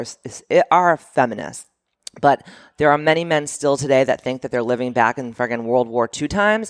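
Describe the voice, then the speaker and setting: A woman's voice: sits low, no room sound, studio quality. A woman hosting a solo podcast, talking bluntly and casually, swearing often and acting out quoted remarks. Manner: blunt, profane and animated, with quoted asides. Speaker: podcast host.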